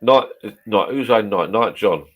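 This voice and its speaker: Very deep-voiced swearing man. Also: animated, unhurried, a bit bright, breathy edge. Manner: swears freely, rambling and chatty. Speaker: vlogger chatting with live viewers. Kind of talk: casual live-stream chat. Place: home garden bar shed.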